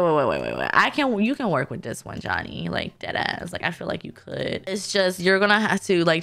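Animated woman chatting over a game. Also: fairly low pitch. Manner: chatty, teasing, talks to game characters. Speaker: gaming YouTuber. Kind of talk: casual let's-play commentary.

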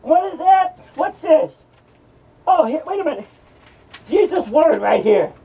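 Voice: sits high, very animated, unhurried, gravelly, warm tone, far from the mic, muffled recording, exaggerated voice. A performer voicing a mocking male madman from hell who hosts a horror rant, taunting and cursing at the listeners. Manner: ranting, taunting, cackling, profane.

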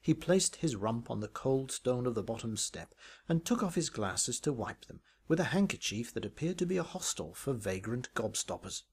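A man's voice: mid-range voice, big pitch swings, normal speed, breathy edge. A man reading a comic parody story aloud in a dry, wry, arch manner. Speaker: narrator.

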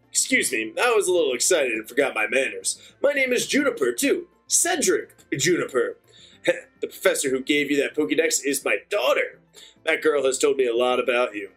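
A man's voice: fairly high pitch, a bit bright, breathy edge, exaggerated voice. Cedric Juniper, a man doing him in a fake British accent. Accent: British, put on. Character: cheerful older male professor, chatty and proud. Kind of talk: reading game dialogue aloud.

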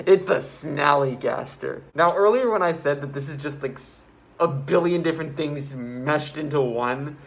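A man telling a story in a casual vlog, excitable and rambling, with self-mocking asides, while he builds a card house. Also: a little high. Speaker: vlogger.

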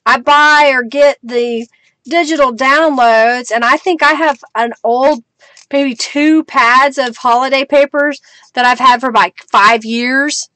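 Middle aged lady chatting on a craft livestream, kinda high voice, laughs a lot. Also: fairly even intonation, takes it slowly, pushed and bright, smooth, no echo. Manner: chatty, talks to viewers while working, laughs often. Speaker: crafting live-stream host. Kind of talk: casual live-stream chat.

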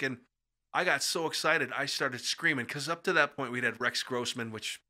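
Animated middle-aged storyteller, bright voice. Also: male voice, medium pitch, normal speed. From USA. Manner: animated, acts out quoted voices. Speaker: podcast guest storyteller. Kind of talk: casual storytelling in conversation.

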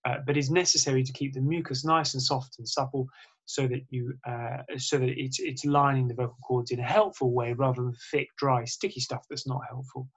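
A man's voice: medium pitch, fairly even intonation, brisk, husky. A man, a surgeon, giving a spoken lecture in an explanatory way, with frequent fillers and restarts.

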